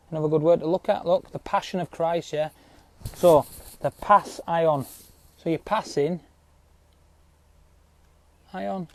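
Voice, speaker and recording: Speaking directly and casually to his viewers, a man delivers a rambling, insistent rant full of swearing, often tagging "yeah?" onto his points. His voice is a little high, yet dark and mellow in tone.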